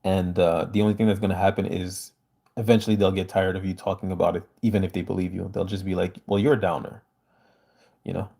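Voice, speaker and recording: Earnest low-voiced man hosting a livestream. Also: level tone, fast, creaky, mellow. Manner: earnest, emphatic, reads chat aloud and answers. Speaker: livestream host reading viewer comments. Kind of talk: casual livestream chat.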